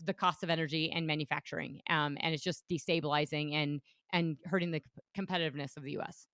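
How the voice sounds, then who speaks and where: A woman's voice: sits low, steady tone, fast, fairly bright tone, no room sound, studio quality. A woman hosting a podcast as an energy economist, talking in an emphatic, opinionated way with many restarts. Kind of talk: casual political podcast chat.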